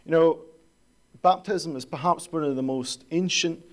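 A man's voice: fairly high pitch, unhurried. A male pastor preaching a sermon in a conversational, storytelling way, asking rhetorical questions.

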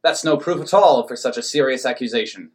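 A man's voice: medium pitch, fairly quick, a little mellow, close to an everyday voice. A man voicing a timid, weepy male factory worker in a comic story, asking fussy, prim questions. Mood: dismissive.

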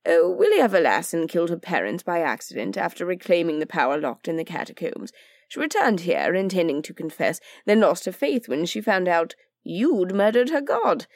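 A woman's voice: on the low side, sing-song, moderate pace, no room sound. Woman playing a droll sardonic nobleman. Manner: droll, languid and teasing. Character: dry, sardonic aristocratic man, lazy and witty.

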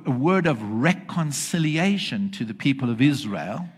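A man's voice: mid-range voice, animated, measured pace, breathy edge. A man preaching a sermon in church, emphatic and often checking that the congregation is following. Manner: emphatic, asks the congregation for agreement.

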